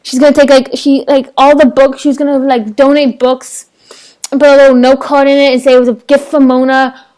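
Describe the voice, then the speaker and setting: A young woman, chatting casually to her laptop webcam at home, rambling excitedly with lots of fillers and restarts. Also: high voice, a little fast. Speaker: vlogger reviewing a TV episode. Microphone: laptop webcam microphone.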